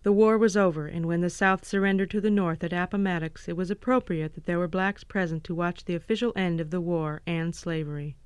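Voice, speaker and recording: Male narrator, high and crisp, formal read, dry close mic. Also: fairly even intonation, fairly quick, few pauses, no echo. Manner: plain, formal linking narration. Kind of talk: scripted narration.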